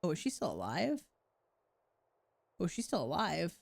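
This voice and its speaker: A woman streamer playing an online game, reacting excitedly and commenting aloud. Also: on the low side, unhurried, creaky.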